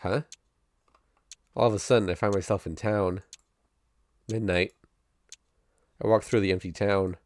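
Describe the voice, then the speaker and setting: A man streaming, reading a visual novel aloud in steady first-person narration and breaking off now and then with chuckling asides. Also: fairly low pitch, a little slow, pauses often, no room sound.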